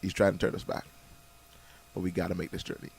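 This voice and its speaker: Gravelly man hosting morning radio. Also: sits low, flat delivery, fast, darkish tone. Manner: playful, laughs often, rambling restarts. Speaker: radio show co-host. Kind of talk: casual morning radio chat. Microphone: studio microphone.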